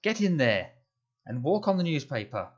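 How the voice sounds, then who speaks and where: A man voicing a sharp, bossy middle-aged aunt who snaps out orders, in a slightly dull recording. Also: on the high side, big pitch swings, moderate pace, voice pushed up. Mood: snappish. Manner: snapping orders.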